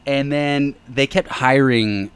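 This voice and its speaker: A young man, a comedian guest on a podcast, telling a story in casual chat and acting out the other people's lines with loud energy. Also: mid-range voice, slow, clean tone. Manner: animated storyteller, acts out quotes loudly.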